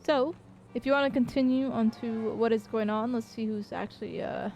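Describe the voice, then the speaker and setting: A woman game streamer talking casually to her viewers in a slightly high voice. She rambles loosely, drops curse words and fills gaps with "um" and "uh". A faint background hum sits under her voice. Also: moderate pace, darkish tone. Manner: loose and chatty with swearing and filler hesitations.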